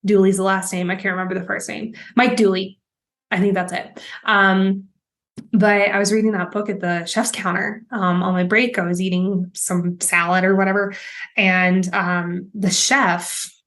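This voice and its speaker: A woman's voice: medium pitch, level tone, moderate pace, a bit bright. A young adult woman hosting a podcast as a life coach, talking in a casual, candid monologue with frequent laughs and swearing.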